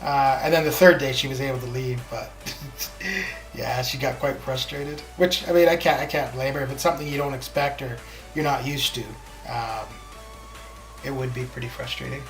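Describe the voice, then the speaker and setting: A male game streamer talks loosely and at length, circling back and restarting his sentences as he goes. His voice sits at an ordinary middle pitch. The room sounds noticeably echoey, with faint stream music underneath. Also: moderate pace. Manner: rambling, chatty storytelling with frequent restarts. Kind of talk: casual chat while streaming a game. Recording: roomy with background music. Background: stream background music.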